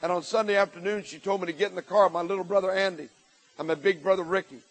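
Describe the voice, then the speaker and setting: A man's voice: sits high, steady tone, quick pace, low-quality recording. A man giving a motivational speech to students, telling his story emphatically with repeated lists and acted-out quotes. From Indiana. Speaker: motivational speaker at school assemblies.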